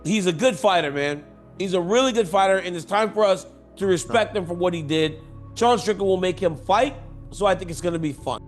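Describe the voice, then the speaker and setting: A man's voice: high voice, brisk, soft background music. A man talking casually and enthusiastically about an upcoming fight. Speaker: fighter giving a prediction. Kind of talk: casual conversational prediction.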